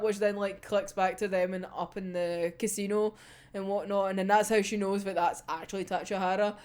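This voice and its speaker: A woman with a Scottish accent casually talking through an anime episode, animated and laughing often, with plenty of swearing. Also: medium pitch, moderate pace. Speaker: anime reviewer.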